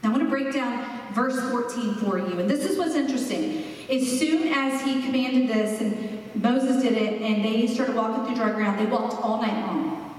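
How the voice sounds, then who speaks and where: A woman preaching a sermon, expressive and slowing down for emphasis. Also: a little high. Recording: echoey hall, mic far off.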